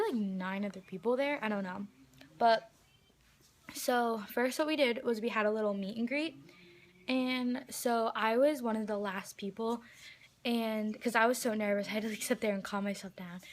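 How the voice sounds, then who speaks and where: A young woman vlogging an excited fan storytime, gushing and full of fillers. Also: a little high.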